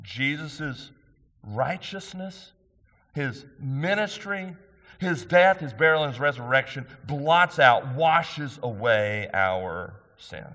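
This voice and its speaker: A man's voice: medium pitch, animated, slow pace, bright, forceful tone. A middle-aged man pastor delivering an earnest, emphatic sermon, asking the congregation questions. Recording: long hall reverb.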